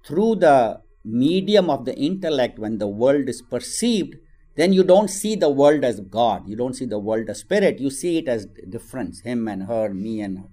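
A man's voice: mid-range voice, moderate pace. A man, giving a spiritual teaching on scripture and acting out a story as he tells it. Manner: animated storytelling, acts out voices in quotes.

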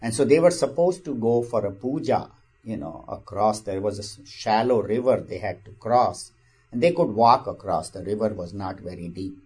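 A man's voice: on the low side, lively intonation, normal speed, darkish tone, husky. A man giving a spiritual discourse. He speaks in a conversational way, repeats phrases and tells a parable. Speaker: spiritual teacher.

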